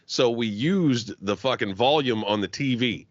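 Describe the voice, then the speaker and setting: With a medium-pitched voice and a measured pace, a man of Arab heritage tells a long, profane story as a podcast guest, acting out quotes animatedly in a casual chat. The lo-fi podcast audio is dull and dry, with no echo.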